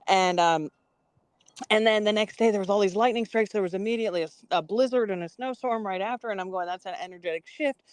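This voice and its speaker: A woman's voice: mid-range voice, fast talker, smooth, dry recording. A woman, co-hosting a podcast in casual spiritual chat, telling stories with lots of acted-out quotes. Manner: animated storytelling, acting out quoted voices. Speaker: podcast co-host.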